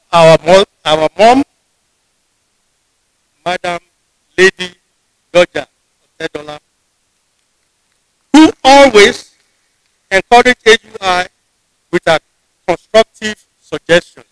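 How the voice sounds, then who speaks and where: A man with a Nigerian English accent giving a formal convocation address in a measured, deliberate way, often restarting his phrases. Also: high voice, expressive, fairly bright tone, clear, resonant tone, dry recording, poor audio. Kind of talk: formal ceremonial speech. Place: ceremony venue.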